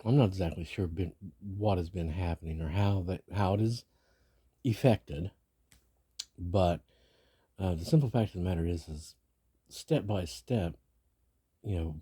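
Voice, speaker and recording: A man vlogging in a gravelly morning voice, musing in a rambling way and often breaking off mid-sentence, about faith and everyday life. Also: low voice, unhurried, dark tone, dry recording. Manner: rambling, self-interrupting musing. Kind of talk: casual spiritual vlog monologue.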